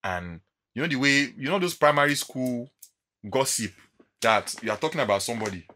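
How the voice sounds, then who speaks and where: A man's voice: medium pitch, brisk. A man with a Nigerian accent, vlogging in a casual monologue and acting out encounters as he tells them. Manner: animated storytelling, acting out encounters.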